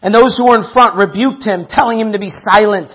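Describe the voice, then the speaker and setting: A man's voice: high-pitched, a little fast, slightly rough, dull audio. A man preaching a sermon, emphatic, repeating phrases and calling out to the church.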